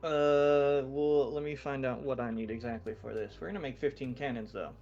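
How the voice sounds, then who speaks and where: A man speaking in character in a roleplay game, calm and coldly determined. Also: medium pitch, moderate pace, dull audio, soft background music. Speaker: roleplay player.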